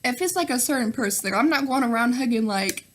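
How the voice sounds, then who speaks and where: A young Southern woman talks straight to her viewers in a loose, chatty way, her voice sitting a little high. She fills her sentences with "like" and calls her viewers "girl" and "sis", and she laughs often between answers. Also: animated, fast, slight background noise. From Nashville, Tennessee. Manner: chatty, full of fillers and "girl", "sis", "y'all". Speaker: vlogger. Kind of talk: casual Q&A vlog.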